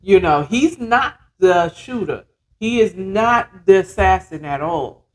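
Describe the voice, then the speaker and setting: A woman's voice: medium pitch, lively intonation, takes it slowly. A woman hosting a casual storytelling podcast, chatty and digressive with lots of asides.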